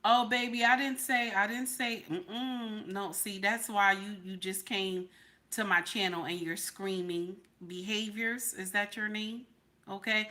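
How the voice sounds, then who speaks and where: Speaking at an unhurried pace with a steady tone, a woman with a medium-pitched, bright, pushed voice talks straight to her live stream viewers. She's a vlogger reacting to videos and chat, keeping it casual and often saying things more than once.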